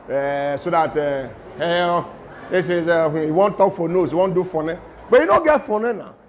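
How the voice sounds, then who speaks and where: A middle-aged man with a Nigerian accent lectures students in a lively way and drops pidgin asides into his talk. His voice sits high for a man. A faint hum of room noise stays behind him. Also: moderate pace. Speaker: guest lecturer.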